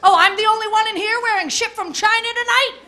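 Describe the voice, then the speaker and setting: A woman's voice: very high voice, steady tone, fast, bright, forceful tone. A woman doing crude, brash stand-up comedy on a club stage, heckling the audience. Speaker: stand-up comic. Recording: live club recording with crowd laughter and noise.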